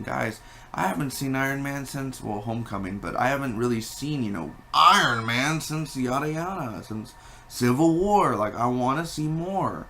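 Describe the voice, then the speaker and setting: A man giving a casual spoken movie review, rambling and animated, with many fillers and restarts. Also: mid-range voice, moderate pace, a little hiss or hum.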